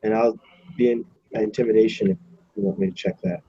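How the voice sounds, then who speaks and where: A man playing a tabletop game, quick and threatening in character. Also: lowish voice, fairly even intonation, warm tone, breathy edge, lo-fi sound. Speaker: player. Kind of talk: tabletop role-play.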